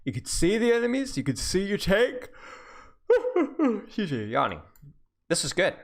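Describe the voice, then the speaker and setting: A young man coaching a student through a video game replay in a playful, teasing way. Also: measured pace. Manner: animated, teasing, jumps between high and low.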